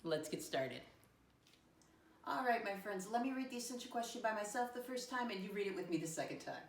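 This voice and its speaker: A woman teacher leading a first-grade math lesson, with a sing-song manner and slow letter-by-letter spelling. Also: mid-range voice, animated, far from the mic, a little hiss or hum. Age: adult with a son. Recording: echoey room, voice off-mic.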